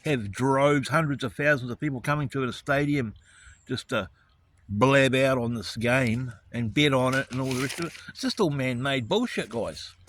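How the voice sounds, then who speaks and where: A man delivers a heated, expletive-laden rant straight to his audience. His voice sits at an ordinary pitch and swings between muttered resignation and flaring anger. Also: normal speed, a bit bright, slight background noise. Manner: angry, profane, righteous indignation. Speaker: vlogger. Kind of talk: ranting monologue to camera.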